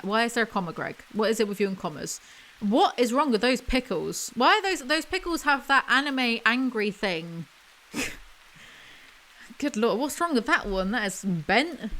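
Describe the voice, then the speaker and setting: A woman reading a picture book aloud as ASMR commentary, with mocking, deadpan asides. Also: mid-range voice, moderate pace, poor audio.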